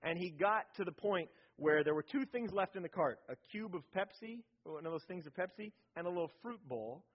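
A man's voice: high voice, expressive, brisk, few pauses. A man preaching a sermon in a conversational, storytelling way, often checking in with his listeners by asking "right?". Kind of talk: sermon on parenting. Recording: dull lo-fi recording.

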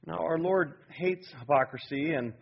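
Male pastor, fairly high husky voice, emphatic animated sermon, dull lo-fi recording. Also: moderate pace. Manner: animated, emphatic preaching that prompts the congregation.

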